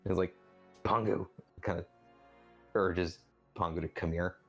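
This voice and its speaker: A man's voice: deep voice, flat delivery, moderate pace, faint music behind. A man casually playing a tabletop game, hesitant and chuckling as he describes his character. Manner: hesitant, chuckling, lots of fillers. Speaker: player.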